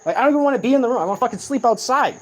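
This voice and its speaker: A man's voice: very high voice, animated, racing. A sleep-deprived man in an agitated, profane rant, speaking in a room of a shared home late at night. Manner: agitated, profane, repetitive ranting.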